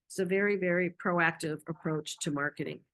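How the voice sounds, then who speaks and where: A woman presenting a marketing masterclass, energetic and enthusiastic, who acts out quoted dialogue and laughs often. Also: on the low side, fairly quick. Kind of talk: presentation talk.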